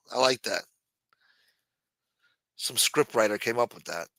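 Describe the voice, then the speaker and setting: A man rants bluntly as host of a casual live show, swearing freely and reading news items aloud. His voice is bright and sharp, recorded dry and close. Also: mid-range voice, measured pace, long pauses, no echo. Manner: blunt, ranting, reads news aloud, quotes scenes in a Mafia-style voice. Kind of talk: profane casual commentary.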